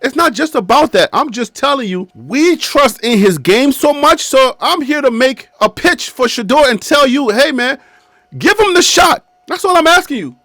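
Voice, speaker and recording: A man's voice: extremely high pitch, expressive, normal speed, pushed and bright, no echo. A man in his fifties hosting a casual sports video from his studio chair. He talks straight at the team with emphatic, repetitive points. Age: 50s. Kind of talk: casual sports commentary to camera. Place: his own studio, seated.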